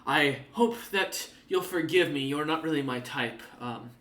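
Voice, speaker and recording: A man plays a wary, tearful noblewoman in a tabletop game, halting and unsure, in a bright, sharp voice. It sounds echoey and a little away from the mic. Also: a little high, distant mic. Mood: flustered. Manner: halting, full of ums.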